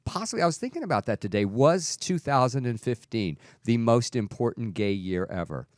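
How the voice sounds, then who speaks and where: A middle-aged man co-hosting a casual talk show, telling stories with lively, caffeinated energy. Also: mid-range voice, a little fast, no echo, clean studio sound. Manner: animated storyteller, wired on caffeine. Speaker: co-host. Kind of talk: casual chat.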